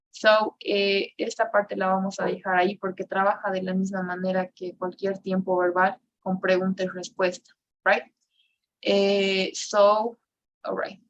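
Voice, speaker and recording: Bilingual woman teaching English grammar. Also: mid-range voice. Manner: switches between English and Spanish, tags sentences with "right?". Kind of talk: online class explanation.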